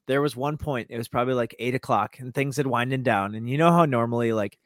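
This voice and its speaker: A man's voice: medium pitch, fast, no room sound. Podcast co-host, man, mid voice, dry close mic, matter-of-fact. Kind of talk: casual chat.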